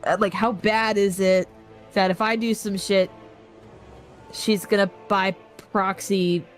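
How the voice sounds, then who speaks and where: A woman's voice: medium pitch, fairly even intonation, takes it slowly, soft background music. A woman playing a tabletop game, chatty and self-deprecating. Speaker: player.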